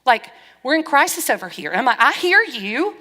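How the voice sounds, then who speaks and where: Bright-voiced woman pastor preaching. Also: high voice, a little fast. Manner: lively, frank, wry storytelling with quoted dialogue. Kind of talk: sermon. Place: church hall. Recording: long church-hall reverb.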